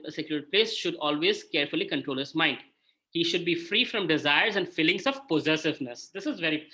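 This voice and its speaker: A man's voice: fairly high pitch, pushed and bright. A man gives an informal scripture talk as a spiritual mentor, chatting and often checking in with "right?". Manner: conversational, frequent "right?" check-ins.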